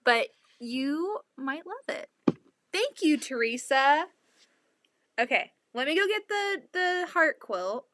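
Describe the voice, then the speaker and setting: A woman chatting excitedly and a bit out of breath while showing quilts from her home sewing room, speaking into her laptop. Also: high-pitched, slow pace, no echo. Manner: chatty, excitable, laughs often. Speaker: quilting channel host. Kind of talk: casual livestream chat.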